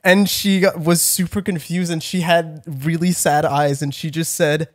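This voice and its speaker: A man's voice: fairly high pitch, little pitch movement, moderate pace, dry recording, clean studio sound. A young man telling a rambling, laugh-filled story on a casual comedy podcast, swearing and restarting often. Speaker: podcast co-host.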